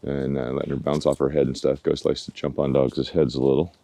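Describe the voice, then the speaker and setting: Deep, mellow-voiced man chatting while walking dogs. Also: brisk, gravelly, no echo. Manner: relaxed, chatty, coaxing dogs with pet names. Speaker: dog trainer. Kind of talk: casual vlog narration while walking dogs. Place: outdoors in a yard by woods. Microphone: handheld camera.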